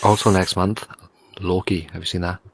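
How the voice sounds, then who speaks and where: A man's voice: low voice, little pitch movement, normal speed, gravelly, husky, no room sound. A man co-hosting a casual podcast chat at home, teasing and prodding his friend. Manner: teasing, prodding the other host. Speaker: podcast co-host.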